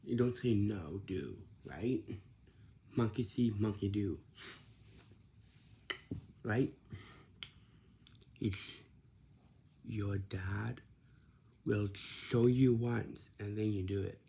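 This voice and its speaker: Slow, gravelly, low-voiced man lecturing. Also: warm tone, slight background noise. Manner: repetitive, instructive, many restarts and tag questions. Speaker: vlogger giving life advice. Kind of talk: casual lecturing monologue.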